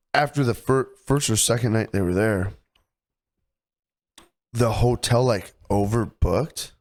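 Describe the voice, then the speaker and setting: Lower-voiced male podcast co-host, swears, gets worked up retelling stories. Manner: profane, indignant storytelling. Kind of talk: casual storytelling chat.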